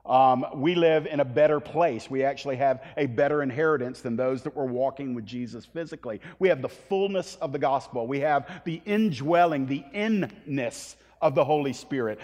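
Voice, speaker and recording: A male pastor delivering a sermon in a church, rising to loud, emphatic proclamation when he reads scripture. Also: medium pitch, normal speed, few pauses. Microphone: handheld or stage mic. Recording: long hall reverb.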